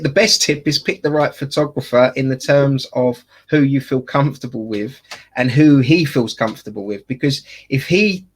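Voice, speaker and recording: A man's voice: medium pitch, husky. A man with an Essex accent, chatting casually as a wedding photographer and podcast co-host, jokey and full of fillers and restarts. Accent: Essex English.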